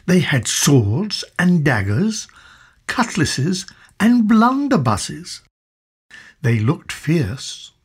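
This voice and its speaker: A woman narrating a children's storybook in an expressive, slow storytelling manner. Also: low-pitched, slightly rough.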